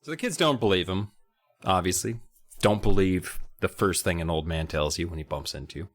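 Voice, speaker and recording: A man's voice: sits low, fairly quick. A man co-hosting a casual book-club podcast, reading passages and adding wry comments. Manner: laid-back, wry, swears casually. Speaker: podcast co-host.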